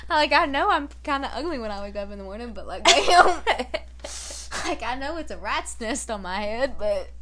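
Bright young woman hosting casual chat. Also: fairly high pitch, moderate pace. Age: young adult. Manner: animated, swearing, acts out quotes with laughter. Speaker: podcast host.

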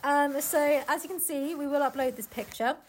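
A woman's voice: sits high, fairly even intonation, moderate pace. A woman co-hosting a podcast, reading a book aloud in a casual way with joking asides and laughs. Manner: laughing, joking asides between read passages.

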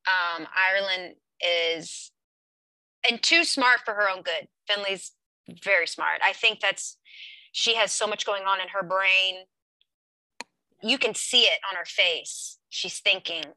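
A woman's voice: medium pitch, sharp tone, no echo, rough recording. A woman and mother talking candidly about parenting, venting with frequent laughs. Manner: candid, laughs often, quick to vent. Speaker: mother of daughters. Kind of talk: casual chat.

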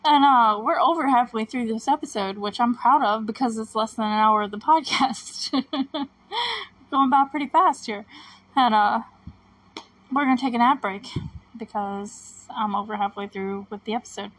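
A young woman hosts a podcast in a loose, chatty way, giggling often as she retells scenes and quotes the lines. Her voice sits a little high, and the recording is close and dry with no room sound. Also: moderate pace, a bit bright, no echo, low-quality recording. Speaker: podcast host recapping a TV episode. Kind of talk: casual chat.

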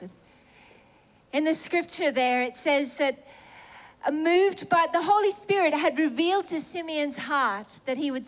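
Woman, high voice, sermon testimony, self-mocking, laughs through it. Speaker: preacher sharing a testimony.

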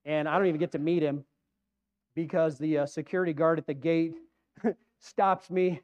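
A man's voice: fairly high pitch, fairly even intonation, normal speed, a little mellow. A man preaching a conversational sermon, rambling and putting questions to the congregation.

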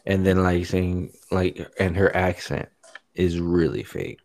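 A man's voice: low-pitched, fairly even intonation, slow, creaky, a little mellow, a little hiss or hum. A man chatting casually as co-host, loose and slangy with many fillers. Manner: loose, slangy, filler-heavy, laughs easily. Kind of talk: casual chat.

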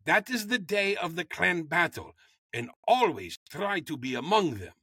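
A man co-hosting a comedy podcast who tells a story in an animated, quick style and swears freely. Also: high-pitched, breathy edge, no echo, studio quality. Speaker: podcast co-host.

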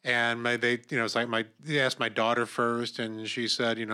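A middle-aged man hosts a conversation in a plain, medium voice. He tells a personal story with real animation, and his pitch climbs as he gets worked up. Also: level tone, moderate pace, sharp tone, clean tone. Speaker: interviewer host.

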